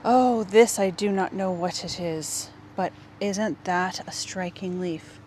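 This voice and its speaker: A woman vlogging as she walks through a public garden, gushing over the plants and often dropping to a hush, recorded on a handheld camera mic. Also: on the low side, slow, slight background noise. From Canada. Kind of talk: casual walk-and-talk vlog.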